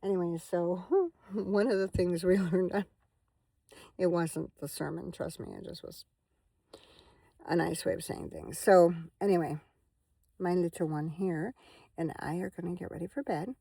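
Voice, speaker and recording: A vlogger and minister sits in her van at night, chatting casually to the camera and rambling from topic to topic, now and then talking to her dog. Her voice is fairly low, a little slow, creaky and husky, with a warm tone and long pauses. The recording has no echo.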